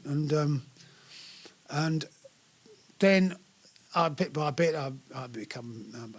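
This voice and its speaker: Rambling older musician telling stories. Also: male voice, a little high. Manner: rambling storyteller with frequent restarts and fillers. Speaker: musician guest. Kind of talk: relaxed interview chat. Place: small live venue.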